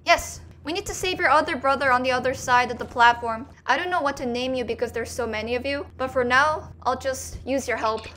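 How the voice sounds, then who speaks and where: A woman's voice: high-pitched, fairly quick, hardly any pauses, pushed and bright, a little hiss or hum. A young woman commenting on a game she is playing, playful, talking to the characters on screen, with sudden yelps. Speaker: gaming commentator. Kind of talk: let's play commentary.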